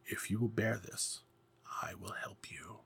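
A man's voice: on the low side, unhurried, fairly bright tone, pitched above the performer's own voice, full character voice. A man whispering as a sly old sea witch. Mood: menacing. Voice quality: hoarse whisper. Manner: sly, menacing.

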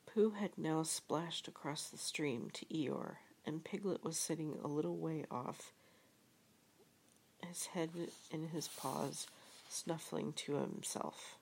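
A woman giving a soft-spoken reading of a storybook with reflective passages, often half-whispered. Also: low-pitched, slow, gravelly, a little hiss or hum. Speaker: reader.

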